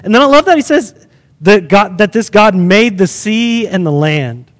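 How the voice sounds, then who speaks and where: A man preaching a sermon in an animated way, acting out the scenes he tells. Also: sits high, normal speed, big-room sound.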